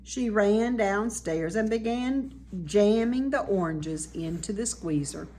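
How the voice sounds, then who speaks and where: A woman, a teacher, reading a children's chapter book aloud with expressive storytelling. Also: medium pitch, slow, a little hiss or hum.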